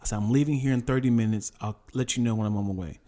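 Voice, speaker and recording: A man's voice: medium pitch, rapid-fire. A middle-aged man and father co-hosting a podcast, telling a story in casual chat and acting out the voices in it. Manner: animated storyteller who acts out quoted dialogue. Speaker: podcast co-host.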